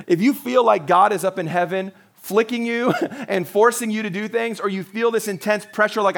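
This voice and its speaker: A man's voice: high-pitched, vocal fry, a bit bright. A man preaching a sermon, earnest and conversational, quoting scripture and acting out voices with small laughs. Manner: earnest, quotes scripture in character, chuckles often.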